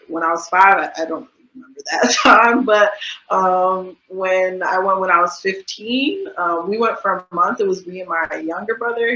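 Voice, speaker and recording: Woman in her thirties, low bright voice, chatty with fillers, roomy dull recording. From USA. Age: 30s. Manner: chatty, many fillers and laughs. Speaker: guest. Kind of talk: casual interview. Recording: dull lo-fi sound, roomy echo.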